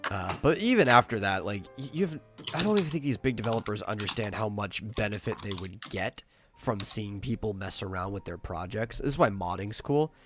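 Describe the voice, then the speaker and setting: A man's voice: on the low side, lively intonation, brisk, over music. A man co-hosting a casual online talk show, chatty and opinionated, often repeating words as he starts. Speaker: podcast co-host. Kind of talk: casual chat.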